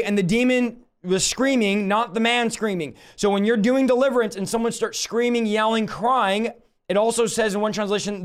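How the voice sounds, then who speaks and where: A man preaching a teaching sermon to a live online audience in a forceful, emphatic way, breaking into sudden rebukes. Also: sits high.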